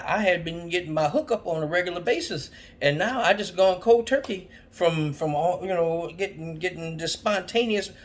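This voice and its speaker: A man telling a story in a casual monologue, stammering often and acting out quotes with sudden high outbursts. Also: slight background noise. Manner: frequent stammered repeats. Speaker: vlogger.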